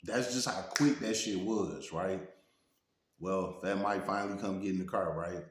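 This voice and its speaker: Low-voiced Detroit man telling a street story. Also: unhurried. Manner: laid-back, peppers talk with "you know what I'm saying". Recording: roomy echo.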